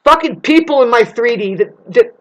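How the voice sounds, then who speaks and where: A woman's voice: a little high, lively intonation, normal speed, low-quality recording. A woman delivering a rambling, profane spiritual monologue to her viewers. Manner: intense, profane, digressive. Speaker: spiritual vlogger.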